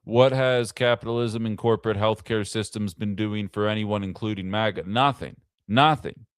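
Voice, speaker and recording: Guy hosting a political commentary livestream, fired up, lots of rhetorical questions, smooth crisp voice, dry close sound. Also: lowish voice, normal speed, dry recording. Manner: impassioned, fires off rhetorical questions. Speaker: host of a political commentary show. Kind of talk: live-streamed political commentary.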